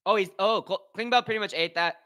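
A young man hosting a live watch party, commentating on slap fights with excitable, profane banter and shoutouts to his chat. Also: high-pitched, fast. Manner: excitable, swears a lot, talks to chat. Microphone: headphones with mic.

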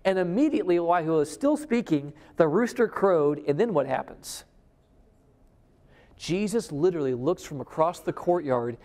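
A man preaching a sermon at a conference. He swings between loud emphasis and a hushed near-whisper, and he keeps asking the audience questions. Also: on the high side, very animated, normal speed. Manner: addresses the audience directly with questions. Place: conference hall before a live audience. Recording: long hall reverb.

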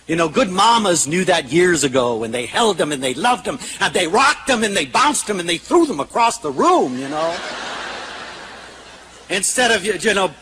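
A man giving a public lecture to an audience. He tells stories in an animated way, with self-mocking humor. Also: high voice, normal speed, background noise.

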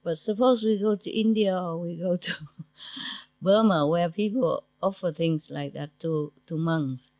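Lower-voiced woman giving a chatty spiritual talk. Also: unhurried, darkish tone, dry recording. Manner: chatty and humorous, laughing between asides; non-native English with simple grammar. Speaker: spiritual teacher addressing disciples. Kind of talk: informal spiritual lecture. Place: meditation centre lecture.

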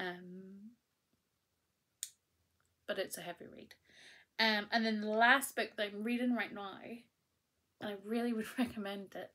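A woman's voice: medium pitch, a bit bright. A woman hosting her own podcast, chatting casually and enthusiastically about the books she has been reading, with lots of ums and restarts along the way. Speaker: podcast host.

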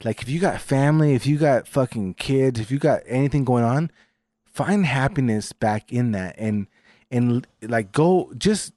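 A man's voice: medium pitch, expressive, unhurried, no room sound, clean studio sound. A man co-hosting a podcast in casual chat, talking emphatically, swearing, and urging listeners on. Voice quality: emphatic, swearing, gives encouraging shout-outs. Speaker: podcast co-host.

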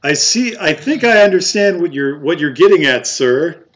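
A man's voice: a little high, animated, moderate pace, voice pushed up, close to an everyday voice. A man doing a scornful old barkeep. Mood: knowing. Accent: English. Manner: gruff, contemptuous, spits. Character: grumpy suspicious male Czech barkeep.

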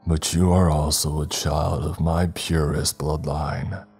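A man voicing a frail, cruel old grandfather who speaks in a slow, wheezing croak, over faint music. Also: very deep voice, level tone, darkish tone, full character voice. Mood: croaking menace.

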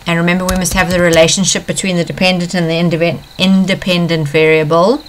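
A woman's voice: fairly low pitch, level tone, fast talker, a little hiss or hum. A woman science teacher walking students through an exam question, patiently explaining and repeating the key points. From South Africa. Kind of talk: exam paper walkthrough lesson.

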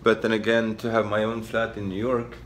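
A middle-aged man from Sweden with a Swedish accent, a comedian talking casually to camera in a halting, self-deprecating way with many fillers. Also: lowish voice, flat delivery. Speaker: comedian vlogger. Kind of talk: casual vlog talk.

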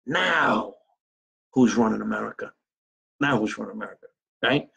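A man's voice: lowish voice, animated, normal speed, creaky, a bit bright, husky, low-quality recording. A man hosting a comedy podcast, telling a rambling, profane, improvised comic story.

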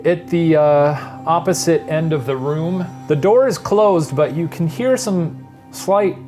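A man in his thirties, the game master, narrating a tabletop game in a relaxed, dry, meandering way. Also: a little high, slow, faint music behind.

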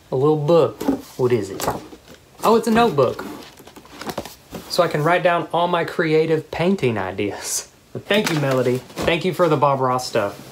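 A low-pitched woman opens fan mail in a chatty, excitable way, gasping and laughing between thank-yous. The recording carries clear background noise with paper crinkling. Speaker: vlogger opening fan mail. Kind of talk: casual unboxing chat. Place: at home.

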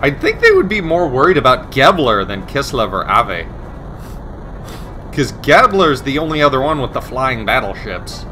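A man giving profane, sarcastic, excitable commentary while playing a video game. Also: medium pitch, moderate pace, a little hiss or hum. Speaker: let's play host. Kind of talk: gameplay commentary.

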